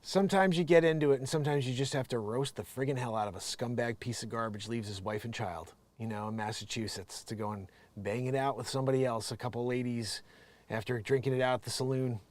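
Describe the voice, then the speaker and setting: A man's voice: mid-range voice, fast talker, a little mellow. A man hosting his own show, ranting casually and sarcastically, rambling, laughing often and mocking people in put-on voices. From United States. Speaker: show host.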